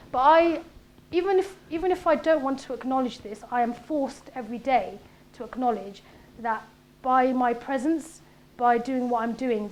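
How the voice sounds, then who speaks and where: A woman in her thirties, a comedian giving a conversational talk with comic stand-up bits, delivered in a punchy, animated way. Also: on the high side. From Britain. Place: event room.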